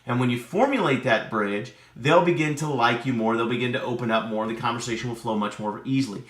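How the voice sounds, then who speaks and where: A man teaching a lesson on building rapport, animated, often checking with "right?". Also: medium pitch, a little fast. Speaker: sales and relationship coach. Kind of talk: teaching talk to camera. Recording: echoey room.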